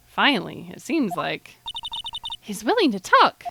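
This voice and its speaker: Animated woman streaming a game. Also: mid-range voice, vocal fry, background noise. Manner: animated, reads lines aloud with quick asides. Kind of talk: live game stream, reading dialogue aloud. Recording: game music under the voice. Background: video game music.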